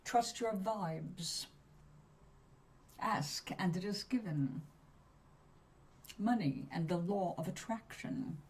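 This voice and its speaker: A woman hosting a live stream for viewers, chatting in a soothing, unhurried way with long pauses. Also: medium pitch, darkish tone. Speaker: livestream host reading cards for viewers. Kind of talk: relaxed live chat with viewers. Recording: somewhat distant mic with faint background ambience.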